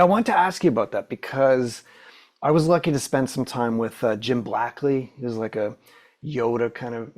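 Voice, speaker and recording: A man of middle pitch hosts a drumming podcast. He talks casually and rambles through his questions, with many fillers and restarts. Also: a little mellow. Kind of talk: podcast interview.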